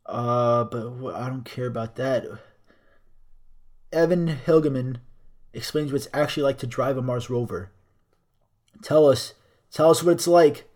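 A man's voice: medium pitch, a little mellow. A young man hosting a solo podcast, reading articles aloud and ranting about them in a profane, sarcastic way. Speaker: podcast host.

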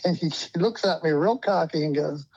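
A man's voice: a little high, moderate pace, a little mellow, slightly rough, muffled recording. A man, telling stories to a friend and laughing as he goes. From Darby, Pennsylvania. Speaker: guest. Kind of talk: storytelling.

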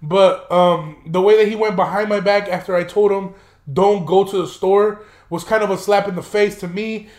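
Young male podcast host, high-pitched, loose and profane storyteller, roomy echo. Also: steady tone, normal speed, a little mellow. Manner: profane, rambling, laughs while telling. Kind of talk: casual storytelling monologue.

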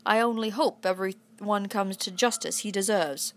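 A woman's voice: steady tone, normal speed, slight background noise, close to an everyday voice. A woman voicing a blunt, stubborn middle-aged farmer father, reading a storybook aloud. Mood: stern. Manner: blunt, rumbling, defiant.

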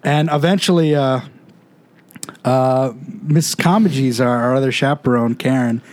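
A young man, co-host of a casual podcast, telling a story in an animated way, often laughing and repeating himself. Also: mid-range voice, a little slow. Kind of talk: casual chat.

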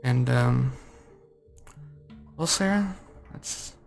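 A man's voice: medium pitch, extremely slow, gravelly. Game master guy narrating loosely, lots of ums, faint music behind. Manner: relaxed, loose, filler-heavy narration.

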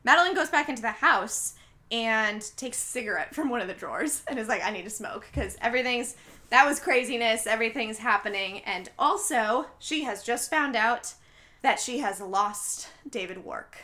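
Bright-voiced woman retelling a film plot. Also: moderate pace. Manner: acts out characters' lines with lively pitch jumps. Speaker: podcast host recapping a film. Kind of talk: casual chat, animated retelling.

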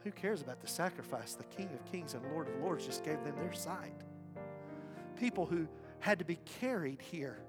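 A man preaching a sermon as pastor, impassioned, swinging from loud declarations to hushed asides. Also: a little high, lively intonation, moderate pace. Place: church sanctuary. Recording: reverberant church hall with faint music.

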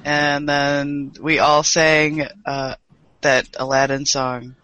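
A woman co-hosting a casual podcast, hoarse after a night of drinking and singing, easygoing and giggly. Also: sits low, flat delivery, slow, a bit bright. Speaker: co-host.

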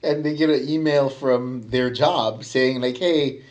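A man co-hosting a podcast, chatting casually and chiming in with quick agreement. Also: mid-range voice, steady tone, a crowd in the background. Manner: agreeable, chimes in with quick affirmations. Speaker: podcast co-host.

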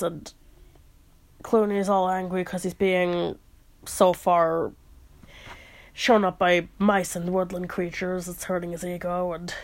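A woman casually retelling a novel's plot as a podcast host, chatty, with trivia asides and fillers. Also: fairly low pitch. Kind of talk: casual storytelling recap.

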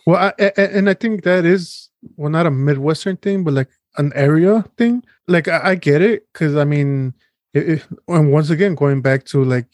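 A man's voice: fairly high pitch, normal speed, a little mellow, dry recording, clean studio sound. A man from the Chicago area with a Mexican-American Chicago accent, co-hosting a podcast in casual banter, laid-back and swearing freely. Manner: laid-back, swears a lot, mixes in Spanish. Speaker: podcast co-host.

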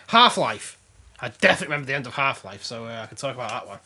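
A man's voice: mid-range voice, sing-song, fast, pushed and bright. A man hosting a podcast in casual chat, laughing often and swearing freely with a sarcastic edge. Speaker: podcast host.

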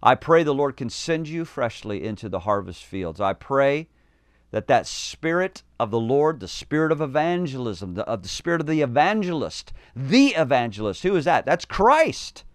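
A man's voice: mid-range voice, sing-song, normal speed, no room sound. Fervent male preacher, dry close sound. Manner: fervent, repeats words, builds to emphatic calls. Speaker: preacher and podcast host. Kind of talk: podcast sermon.

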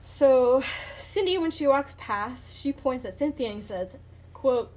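A woman's voice: high-pitched, lively intonation, takes it slowly, darkish tone, poor audio. A woman hosting a podcast, telling a true-crime story in a casual, chatty way, with swearing and lots of "like" and "um". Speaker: podcast host.

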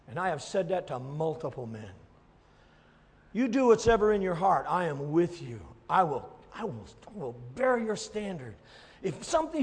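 A man preaching a sermon as pastor, moving from low, quiet talk to loud, shouted passages. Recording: hall reverb.

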